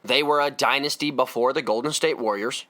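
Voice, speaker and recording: A man's voice: mid-range voice, brisk, fairly bright tone. A man hosting a solo sports podcast, ranting in a fired-up, emphatic way. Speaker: podcast host.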